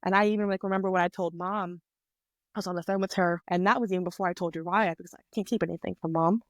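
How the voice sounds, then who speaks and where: A woman in her twenties, a podcast guest, telling a personal story in a chatty, animated way on a close mic. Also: lowish voice, quick pace, no room sound. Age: 20s. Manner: chatty, animated retelling with quoted voices. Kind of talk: casual storytelling.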